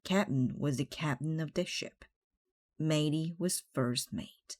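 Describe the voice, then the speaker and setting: A woman reading a children's picture book aloud, slowly and carefully. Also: sits low, a little mellow. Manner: slow, careful read-aloud. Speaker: storybook reader.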